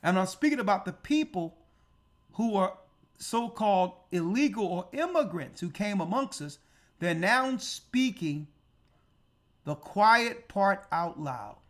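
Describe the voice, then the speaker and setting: Church elder preaching prophecy, slow n emphatic, voice goes way up and down. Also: medium pitch, expressive. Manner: emphatic, asks rhetorical questions. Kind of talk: prophecy teaching sermon.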